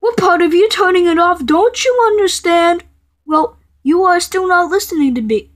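A woman voicing a quick-tempered female computer error that scolds the user, threatening and stammering as she goes. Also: high voice. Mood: angry scolding.

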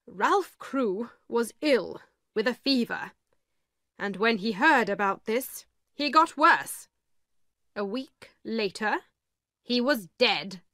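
Calm storybook lawyer, woman voicing him, measured, slow, dry recording. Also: fairly high pitch, no room sound, heavily acted. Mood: grave. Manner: slow, measured, matter-of-fact. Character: calm, grave male lawyer. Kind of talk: storybook reading.

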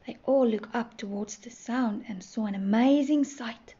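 Slow-reading woman telling a storybook. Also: fairly high pitch. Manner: gentle, slow, clearly sounding out words. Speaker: teacher reading to toddlers. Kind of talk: storybook read-aloud. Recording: muffled, faint hiss.

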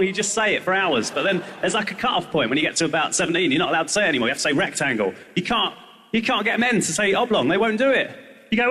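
Male stand-up, surreal and playful with the crowd, high and bright. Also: lively intonation, very fast, in a large hall. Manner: whimsical, flirty crowd banter with silly put-on voices. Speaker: stand-up comedian.

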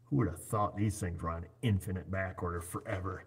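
Hosting a laid-back livestream, a man in his 40s talks a little fast in a low, steady voice, rambling and cracking jokes into the computer on his screen. Heavy background noise runs throughout.

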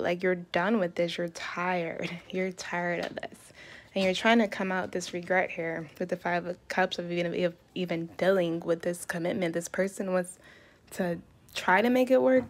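A woman giving a casual, chatty tarot reading, emphatic and animated as she talks through the cards. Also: mid-range voice. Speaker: tarot reader.

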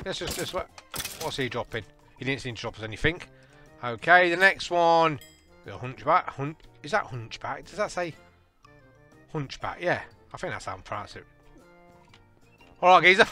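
A man, casually and excitably commentating a game, joking and laughing at his own jokes. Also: sits high, moderate pace, pauses often, faint music behind. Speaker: gaming channel host.

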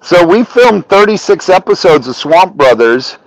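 A man on a podcast telling a story in casual, animated talk, swearing often and acting out the dialogue. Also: high-pitched, unhurried, no room sound, rough recording. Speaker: podcast guest.

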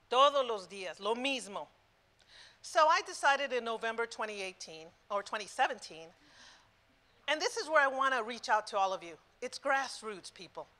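A woman in her sixties speaks at a conference with a bright, forceful voice pitched a little high. She hammers her points through repetition and drops into Spanish phrases mid-sentence. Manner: emphatic, repetitive, switching between English and Spanish. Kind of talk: passionate live talk. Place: conference room before an audience.

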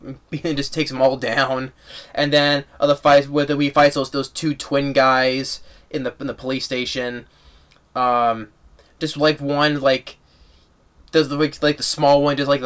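A man giving a casual, rambling movie review and recapping the plot excitedly with lots of restarts. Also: mid-range voice.

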